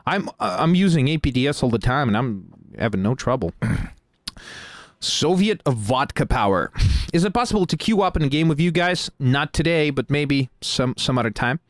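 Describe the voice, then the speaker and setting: A man's voice: medium pitch, lively intonation, moderate pace, no echo, clean studio sound. A man hosting a live game stream, chatting casually with lots of fillers and restarts. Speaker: stream host.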